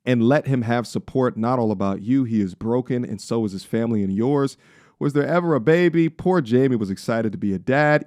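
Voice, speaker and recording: A man hosting an online commentary show talks straight to his viewers, blunt and openly incredulous. His voice sits at a middling pitch. He is recorded close on a desk mic in a dry home studio. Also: darkish tone, no room sound. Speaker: commentary channel host. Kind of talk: casual commentary and ad read.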